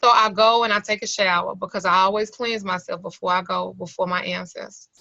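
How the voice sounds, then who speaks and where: A middle-aged woman tells a candid, emotional life story in plain everyday speech, close to tears. Her voice is bright and forward, and the sound is dry and a little dull, like a video call. She talks earnestly to her class. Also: mid-range voice, fairly even intonation, brisk, gravelly, no room sound. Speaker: occult class teacher. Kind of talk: emotional personal testimony. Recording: slightly lo-fi video call audio.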